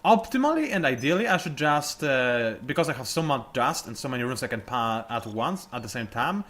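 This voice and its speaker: A man's voice: mid-range voice, very animated, brisk, a bit bright. A man commenting on a strategy game as he plays it, chatty and explaining each move, often trailing off and restarting sentences. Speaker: let's play commentator. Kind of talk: gameplay commentary. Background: game music.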